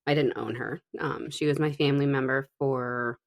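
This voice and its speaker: A middle-aged woman with a low voice chats casually as a podcast co-host. She is blunt and swears freely, often breaking into laughter. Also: steady tone, normal speed, gravelly. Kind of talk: casual chat.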